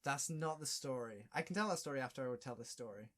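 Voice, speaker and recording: A man's voice: mid-range voice, fast talker, fairly bright tone. A young man co-hosting a podcast, mostly chipping in with short, agreeing replies in casual chat. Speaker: podcast co-host.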